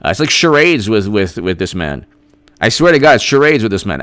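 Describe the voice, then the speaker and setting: A man's voice: lowish voice, very animated, fairly quick, fairly bright tone. A man hosting a live-stream political commentary, talking in a sarcastic, rambling, mocking way.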